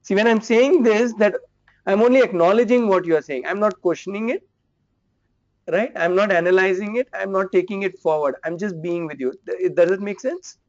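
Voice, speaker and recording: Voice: mid-range voice, normal speed. A workshop trainer, coaching participants through a parenting role-play in a direct, encouraging way. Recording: dull lo-fi recording.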